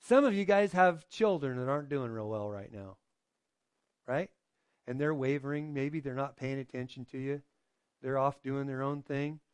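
A man's voice: normal speed, smooth, no echo. A man preaching a sermon in a conversational way, often asking the congregation "right?" and acting out quoted voices. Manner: acts out quoted voices with drops in pitch. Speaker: pastor.

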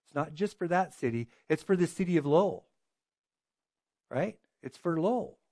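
A man's voice: fairly high pitch, lively intonation, normal speed, darkish tone, no echo. A man preaching a sermon as a pastor, earnest and full of rhetorical questions.

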